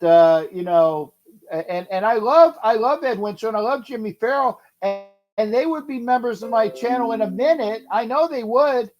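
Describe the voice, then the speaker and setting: Rambling, profane high-voiced man hosting. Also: a little mellow, muffled recording. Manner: profane, rambling, repeats himself. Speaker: host of a sports fan live stream. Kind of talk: casual live-stream chat.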